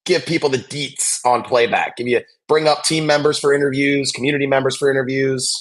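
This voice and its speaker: A man hosting a live basketball watch-along, chatting casually and calling plays with excitement. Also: medium pitch, a little fast. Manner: chatty, excitable, reacts loudly to big plays.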